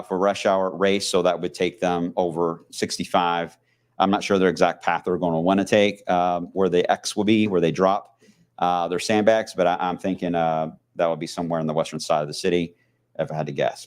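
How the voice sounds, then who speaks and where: A man's voice: deep voice, darkish tone. A man with a Southern country accent, a TV meteorologist chatting casually on a weather livestream, mumbling and rambling with lots of fillers.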